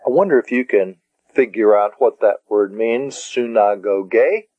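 A man teaching a taped language lesson, speaking deliberately and spelling words out syllable by syllable. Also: fairly low pitch, a little mellow, no room sound. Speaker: Greek teacher. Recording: dull lo-fi cassette tape.

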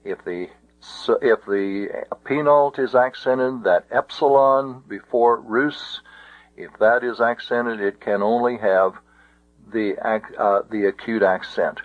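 A man teaching ancient Greek accents in a slow, methodical lecture, sounding out syllables one by one. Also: fairly low pitch, dry recording. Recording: dull dry lo-fi recording.

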